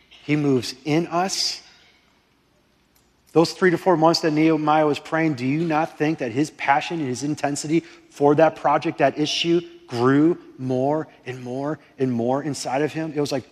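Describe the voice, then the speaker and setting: Pastor guy preaching all fired up, high voice, big echoey church sound. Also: unhurried. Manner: impassioned, rising to near-shouting prayers, then dropping quiet. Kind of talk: sermon. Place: church sanctuary. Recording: long hall reverb.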